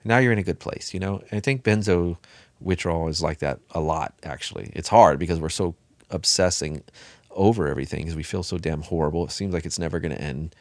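Deep-voiced blunt male coach, dry sound. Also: fairly quick, no room sound. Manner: blunt, folksy, swears casually, rambles. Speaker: benzo withdrawal coach. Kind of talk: casual Q&A monologue.

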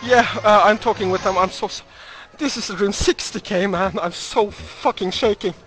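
A man with a Norwegian accent streaming a slot game live, shouting and swearing in frantic excitement over his wins. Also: high-pitched, normal speed, soft background music.

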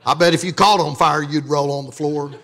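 A man's voice: on the high side, fairly even intonation, fairly quick, fairly bright tone. A man from Louisiana preaching a sermon as pastor, joking and calling on the congregation to respond. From Louisiana, USA.

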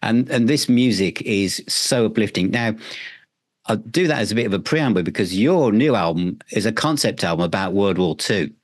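Male podcast host, low voice, dry sound; eager, long wandering questions. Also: animated, normal speed, no echo. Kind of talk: interview questions.

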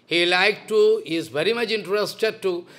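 A man's voice: high-pitched, normal speed, a bit bright. A man, a spiritual teacher giving a devotional lecture in a stern, scolding manner, repeating his points. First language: Bengali.

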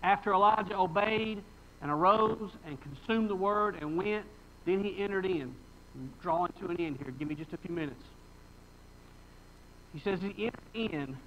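A man's voice: high-pitched, a bit bright, a little hiss or hum, low-quality recording. A pastor preaching a sermon in a folksy, emphatic way, reading scripture and asking his congregation rhetorical questions.

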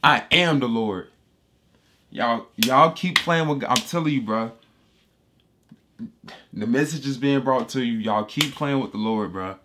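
A man's voice: mid-range voice, a little slow, long pauses, background noise. A man giving casual, emphatic scripture commentary, repeating himself and calling listeners bro. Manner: emphatic and repetitive, slangy street talk, addresses listeners as bro. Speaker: Bible teacher.

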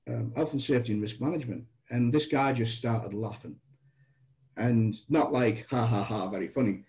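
A man from England chats as a podcast guest, telling long anecdotes and putting on voices for the people in them. His voice is warm and mellow. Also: medium pitch, low-quality recording. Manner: animated storyteller, acts out dialogue. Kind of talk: anecdotal storytelling.

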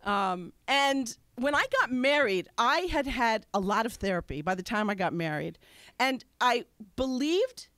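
A woman from Wisconsin tells a personal story to a live audience with a high voice that swoops up and down. She talks candidly and pokes fun at herself. The sound is close and dry, with almost no room echo. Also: fairly bright tone. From Wisconsin, USA. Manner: candid, conversational, self-mocking. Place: stage at a live storytelling show.

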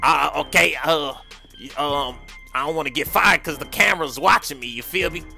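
Nervous roleplayer, gravelly, stammers in slang, loud music underneath. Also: male voice, fairly high pitch, normal speed. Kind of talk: casual game roleplay.

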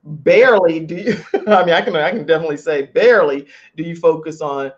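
A woman hosting a talk show, interviewing a guest with animated, layered questions and frequent laughter. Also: deep voice, fairly quick, highs cut off.

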